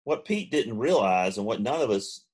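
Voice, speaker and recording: A man, co-hosting a podcast and telling a long funny story, now and then mimicking friends in high voices. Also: very animated, normal speed, a little mellow, breathy edge. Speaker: podcast co-host. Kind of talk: casual storytelling.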